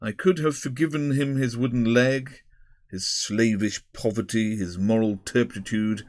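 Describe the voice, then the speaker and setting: A man's voice: lowish voice, darkish tone, dry recording, close to an everyday voice. A man voicing a pompous, long-winded elderly headmaster who speaks formally and rambles. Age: older.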